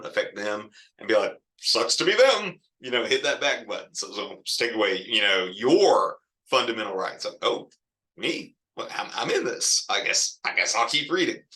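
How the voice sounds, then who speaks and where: Wry low-voiced male writing instructor. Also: bright, forceful tone. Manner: casual, wry, self-deprecating asides. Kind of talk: recorded lecture.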